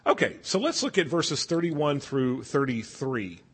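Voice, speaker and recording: A man's voice: mid-range voice, lively intonation, moderate pace, husky. A man leading an evening Bible study class, explaining scripture conversationally and asking the group questions. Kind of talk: casual Bible class teaching.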